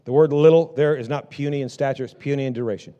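A middle-aged male pastor preaching a sermon, swinging between loud bursts and hushed lines. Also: mid-range voice, fairly even intonation, quick pace, dull audio.

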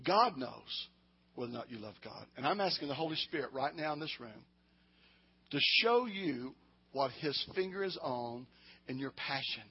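A man preaching a sermon to a room, passionate, swinging from loud appeals to hushed words. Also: mid-range voice, lively intonation, moderate pace, slightly rough. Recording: dull lo-fi sound.

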